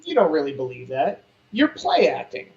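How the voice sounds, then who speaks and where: The dull lo-fi recording catches a man whose voice sits high, talking at a moderate pace. He's a podcast guest in laid-back political talk, animated, blunt and swearing freely.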